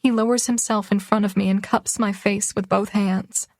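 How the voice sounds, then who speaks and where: A woman's voice: medium pitch, fairly even intonation, moderate pace, no echo. A young woman reads a first-person romance audiobook, her delivery emotional and tearful. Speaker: audiobook narrator.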